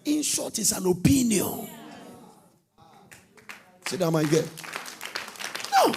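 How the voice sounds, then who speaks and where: A middle-aged man preaching a sermon, swinging from soft, low talk to shouted, sing-song bursts. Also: big pitch swings, slow, creaky, crowd noise, noisy background.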